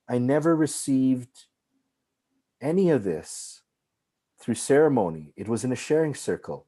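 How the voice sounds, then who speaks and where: Man, filmmaker guest, low mellow voice, animated storyteller. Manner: animated, frequent "like", restarts. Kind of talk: personal storytelling in conversation.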